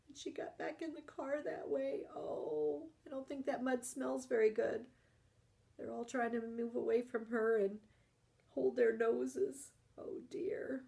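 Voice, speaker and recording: A woman reading a children's picture book aloud, animated, asking her young listeners questions and gasping for effect. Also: fairly high pitch, vocal fry. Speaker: parent partner reading storytime.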